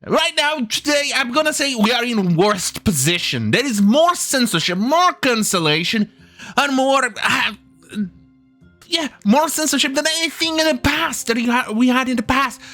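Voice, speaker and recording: A man's voice: very high voice, expressive, moderate pace, pushed and bright, faint music behind. A man hosting a commentary video, ranting with heavy swearing and scorn, often stumbling and restarting his sentences. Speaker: commentary channel host.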